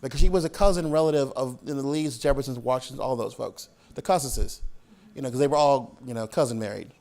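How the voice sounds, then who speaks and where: A man giving an author talk to an audience, telling lively stories with laughter and acted-out voices. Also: medium pitch, a little fast. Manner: animated, laughing, acts out voices in anecdotes. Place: public hall with audience.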